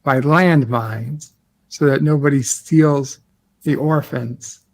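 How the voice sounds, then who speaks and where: A man in a casual live-stream chat, deadpan and joking with a mock-sinister edge. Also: mid-range voice, slow, slight background noise.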